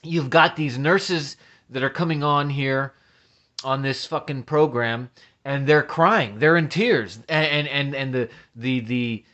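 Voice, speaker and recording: A man's voice: mid-range voice, takes it slowly, sharp tone, highs cut off. A man ranting as a vlogger, agitated and profane, often stammering and restarting his sentences. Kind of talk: ranting commentary.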